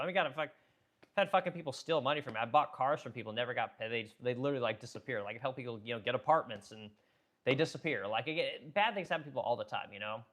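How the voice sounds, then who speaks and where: Fast-talking blunt man on a livestream. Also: mid-range voice, a bit bright. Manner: blunt, profane, rambling with many restarts. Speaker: livestream host reading chat comments. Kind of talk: casual opinionated livestream talk.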